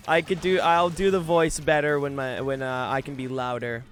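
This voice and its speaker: Young male game streamer, brash and jokey, a bit high-pitched, casual live chat. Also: flat delivery, normal speed, few pauses, faint music behind. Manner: brash, joking, swears a lot.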